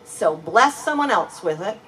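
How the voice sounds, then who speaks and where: A woman's voice: medium pitch, lively intonation, a bit bright. A woman pastor preaching a sermon in a church, earnest and emphatic, leaning on key words. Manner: earnest, emphatic preaching with slow deliberate stresses. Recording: voice from a distance with faint ambient noise.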